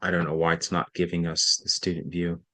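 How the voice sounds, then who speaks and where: A man's voice: low-pitched, monotone, fairly quick, sharp tone. A man tutoring a student in reading over an online session, explaining step by step in a patient, thinking-aloud way with frequent self-corrections.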